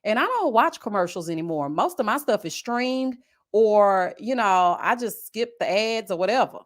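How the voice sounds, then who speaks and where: A woman reviewing reality shows chats casually with her live viewers, calling them girl and honey. Her mid-range voice moves at a moderate pace, and she's expressive and full of slang.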